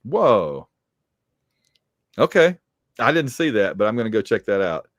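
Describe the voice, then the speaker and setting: A man's voice: on the low side, very animated, a little slow, dry recording, studio quality. A man co-hosting a casual podcast and reading supporter names, joking and teasing, his voice getting worn. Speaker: podcast co-host.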